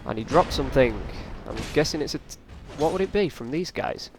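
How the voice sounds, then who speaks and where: A man's voice: on the high side, expressive, fairly quick, vocal fry, over music. A man doing casual, rambling let's play commentary, often taunting the enemies on screen. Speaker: gaming channel host.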